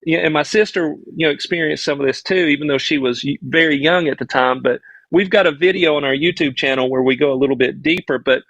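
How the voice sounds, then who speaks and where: A man's voice: fairly high pitch, fast, fairly bright tone, dry recording, lo-fi sound. A middle-aged man with a Southern US accent, a podcast guest telling a childhood story in an earnest, rambling way that often restarts its sentences. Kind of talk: casual storytelling on a live stream.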